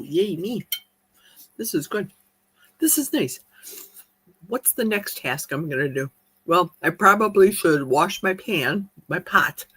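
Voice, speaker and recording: A woman's voice: deep voice, fairly bright tone, husky, no room sound. Chatty woman streaming live while eating. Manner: chatty, reads viewer comments aloud, talks with mouth full. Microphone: streaming mic.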